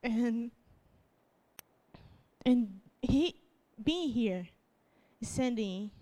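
A young woman giving an emotional testimony as a preacher, tearful, halting and restarting often. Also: fairly high pitch, animated, dark tone. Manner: halting, restarts often, laughs through tears. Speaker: youth preacher.

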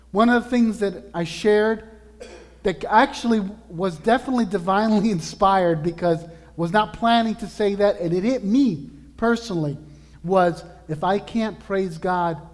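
A man preaching a sermon as pastor, earnest and emphatic, slowing down to stress key words. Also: high voice, long reverb tail. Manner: earnest, emphatic preaching with slow drawn-out lists.

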